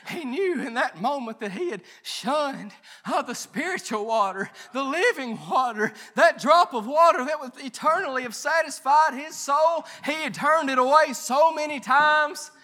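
A man preaching a sermon with passion, dropping to hushed tones and rising to shouts, his voice straining. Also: very high voice. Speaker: pastor.

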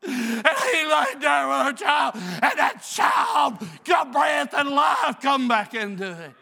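A man preaching a fervent sermon, often breaking into shouts. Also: extremely high pitch, very animated, takes it slowly, gravelly.

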